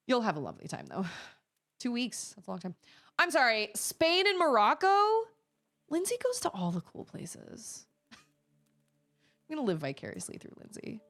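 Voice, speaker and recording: Animated woman streamer. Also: a little high, a little slow, long pauses. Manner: animated and expressive, reads chat aloud. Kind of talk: casual gameplay chat.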